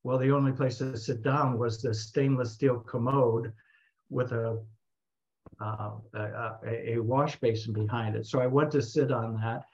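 A man telling a story in a talk, narrating in an animated way and voicing the people in it. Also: medium pitch, a little slow. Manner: animated narration with voiced quotes. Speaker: speaker. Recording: slightly muffled recording.

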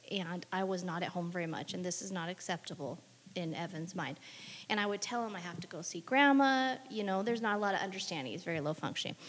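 A woman's voice: medium pitch, long reverb tail. A mother telling a wry, matter-of-fact story about her son. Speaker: parent sharing a story. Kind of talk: casual storytelling.

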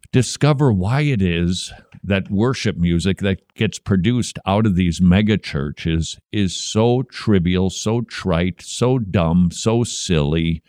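A man's voice: sits low, a little mellow, dry recording, clean studio sound. A man hosting a comedic commentary show, sarcastic and mocking as he talks. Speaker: podcast host.

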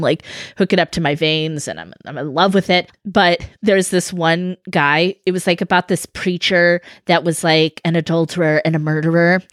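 A woman's voice: sits low, no echo, clean studio sound. A woman hosting a podcast in casual chat, rambling, laughing and swearing now and then. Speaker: podcast host.

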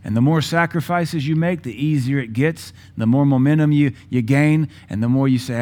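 A man's voice: medium pitch, darkish tone. Impassioned man preaching a sermon. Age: 40s. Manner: impassioned, dramatic pauses, mimics Bible voices.

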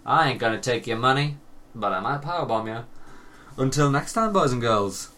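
A man, hosting a casual podcast chat, sweary and joking with loud bursts of laughter. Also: medium pitch, lively intonation, moderate pace. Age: 30s. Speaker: podcast host.

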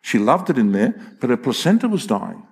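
A man's voice: medium pitch, sing-song, a little fast, gravelly, slightly rough. A man, preaching a sermon in a folksy, emphatic storytelling way with frequent restarts. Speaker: pastor.

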